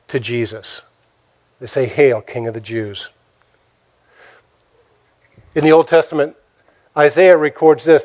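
A pastor preaching with a dramatic, storytelling delivery. He asks his listeners rhetorical questions and acts out the lines he quotes, in a man's voice that sits a little high. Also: darkish tone. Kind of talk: sermon.

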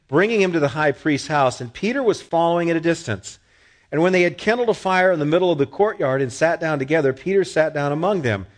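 Speaking with medium pitch, this male pastor keeps his sermon conversational. He asks the congregation questions and livens up whenever he launches into a story.

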